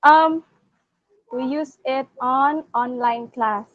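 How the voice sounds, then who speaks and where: Filipino student, slow and halting, fairly high voice, flat dry lo-fi call audio. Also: female voice, no echo. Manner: hesitant, many ums. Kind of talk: giving clues in class. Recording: dull dry lo-fi mic.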